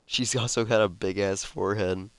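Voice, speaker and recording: A man's voice: lowish voice, steady tone, normal speed, smooth, no room sound. A man streaming himself, reading game dialogue aloud with casual, swearing asides. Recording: loud game music behind.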